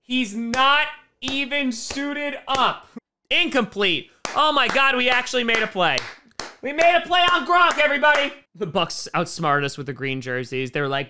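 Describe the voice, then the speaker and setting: High-pitched, excitable football fan. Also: male voice, normal speed. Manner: excitable, swings from shouting cheers to deflated groans. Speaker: sports fan vlogger reacting live. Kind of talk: live game reaction.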